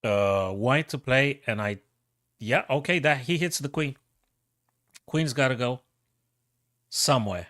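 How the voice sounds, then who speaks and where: Excitable man calling chess moves live. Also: mid-range voice, unhurried, pauses often, dry recording, studio quality. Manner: thinking aloud, excitable, repeats himself. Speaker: chess streamer.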